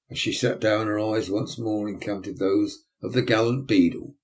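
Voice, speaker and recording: A man narrating a classic novel as an audiobook, measured and low-key. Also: vocal fry, warm tone.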